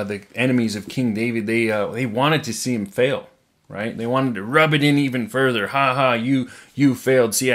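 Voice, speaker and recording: A man preaching a casual, conversational sermon, plainspoken, often repeating words and checking in with a quick "right?". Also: medium pitch.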